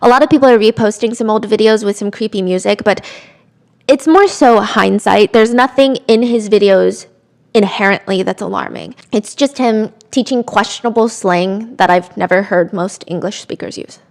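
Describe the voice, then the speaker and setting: A young woman hosting a podcast, telling a true-crime story with chatty, animated asides and quoted voices. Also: medium pitch, normal speed, creaky. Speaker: podcast host.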